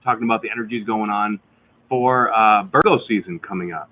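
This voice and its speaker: A man co-hosting a casual live chat as an astrology coach, relaxed and explanatory. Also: on the low side, a little fast. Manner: relaxed, explains, laughs along. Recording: phone-like live stream audio, faint noise.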